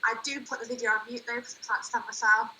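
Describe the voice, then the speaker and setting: A woman's voice: on the high side, steady tone, quick pace, sharp tone, poor audio. A woman from Ireland co-hosting a casual football chat stream, giggly and hesitant. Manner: giggly, hesitant, lots of fillers. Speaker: co-host of a football chat show.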